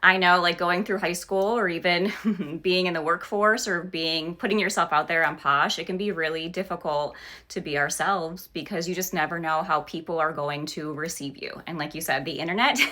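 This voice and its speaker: A woman's voice: on the low side, sharp tone. A woman hosting a podcast, speaking in a casual, affirming interview style. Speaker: podcast host.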